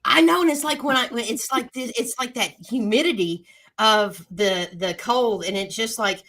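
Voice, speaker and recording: A woman's voice: a little high, normal speed, fairly bright tone. A woman from the United States co-hosting a podcast, chatting with enthusiasm. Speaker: podcast co-host. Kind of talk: casual chat.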